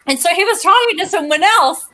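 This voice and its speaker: Chatty bright-voiced woman guest. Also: extremely high pitch, lively intonation, a little fast, slight background noise. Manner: rambling, chatty, self-mocking. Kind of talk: casual chat.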